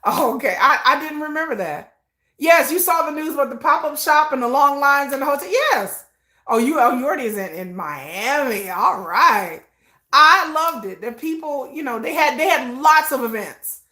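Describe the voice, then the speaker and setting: A woman from Texas hosting a casual livestream, animated and talking straight to her chat viewers. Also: high-pitched, moderate pace, echoey room. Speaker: livestream host.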